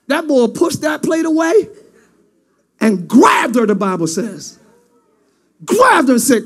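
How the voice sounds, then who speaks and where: A male preacher giving an animated sermon in casual slang, often breaking into shouts. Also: very high voice, takes it slowly, long pauses, breathy edge.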